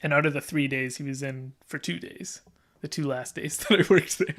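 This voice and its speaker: High-pitched, gravelly man telling a story. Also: normal speed, a bit bright. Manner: rambling, full of "like" and restarts, laughs as he talks. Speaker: podcast guest. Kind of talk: casual storytelling.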